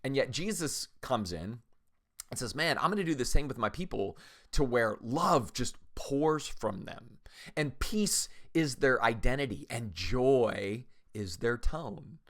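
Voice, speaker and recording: A middle-aged man hosting a faith podcast, talking casually with energetic, animated emphasis. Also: mid-range voice, measured pace. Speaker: podcast host.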